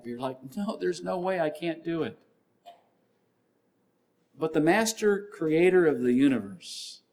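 A male pastor preaching a sermon in an earnest, measured way. His voice sits at an ordinary middle pitch, and he repeats key lines and scripture references for emphasis. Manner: acts out shouting gym trainers with a louder voice.

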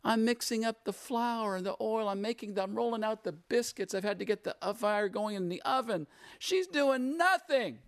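A man doing a shrill, fed-up housewife. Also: expressive, a little fast, few pauses, no echo. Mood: exasperated. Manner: complaining, shrill and exasperated. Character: flustered woman overworked in the kitchen.

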